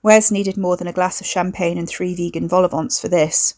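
A woman narrating a novel in an even, measured storytelling voice. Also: lowish voice. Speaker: audiobook narrator. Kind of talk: scripted narration.

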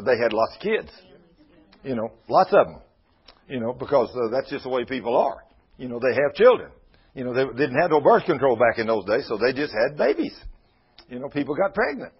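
A man's voice: medium pitch, breathy edge. A man preaching a sermon in a folksy, conversational way, retelling Bible scenes. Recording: muffled lo-fi radio broadcast.

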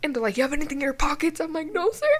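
A young woman from New Mexico tells a personal story on a casual podcast, her voice sitting a bit high. She talks in an animated rush, full of filler words and cursing. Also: racing. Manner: animated, swears often, many fillers. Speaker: podcast co-host.

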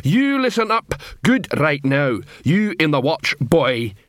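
A man's voice: fairly high pitch, sing-song, a bit bright, no echo, clean studio sound, voice pushed up, full character voice. A man voicing a pompous bellowing troll drill sergeant. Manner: bellowing, slow-witted, pompous orders. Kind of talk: audiobook character voice.

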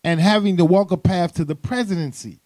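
A man's voice: sits high, brisk, no room sound. Emphatic man ranting on a podcast. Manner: animated, emphatic, profane. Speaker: podcast co-host. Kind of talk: casual podcast chat.

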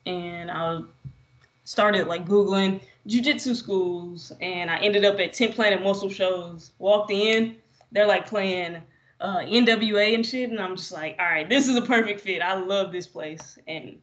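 A young adult podcast guest chatting casually, telling stories in a relaxed way with many fillers. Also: mid-range voice, muffled recording. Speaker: podcast guest, jiu-jitsu practitioner.

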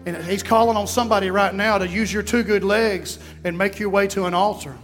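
A man's voice: high voice, fairly even intonation, fairly quick, a bit bright. A pastor preaching a sermon, fervent and folksy, repeating his phrases. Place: church sanctuary. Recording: reverberant hall with music behind.

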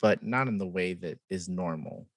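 A man's voice: sits low, moderate pace, a bit bright, no echo, studio quality. Blunt, skeptical little girl, as a man plays her, only slightly raised voice.

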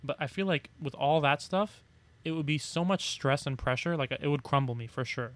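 A man's voice: a little high, moderate pace. Young man rambling casually on a podcast. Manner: relaxed, rambling, swears casually. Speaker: podcast co-host. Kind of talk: casual chat.

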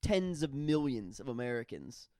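A man's voice: medium pitch, big pitch swings, normal speed, a little mellow, no room sound, clean studio sound. A man co-hosting a podcast, delivering profane, sardonic rants in casual banter. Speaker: podcast co-host.

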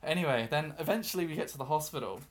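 A man's voice: fairly high pitch, racing. Rambling man telling a story. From outside Britain. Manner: rambling, many fillers and restarts, self-deprecating. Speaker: guest storyteller. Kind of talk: casual podcast chat, telling a story.

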